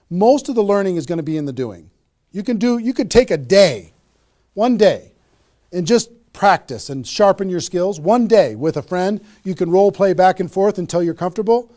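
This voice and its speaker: A man with a noticeably high speaking voice delivers a sales training talk. He hammers home his points by repeating phrases and keeps checking in with his listeners. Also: expressive, normal speed, warm tone. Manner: emphatic, repeats key phrases, frequent "okay?" check-ins. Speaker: network marketing trainer.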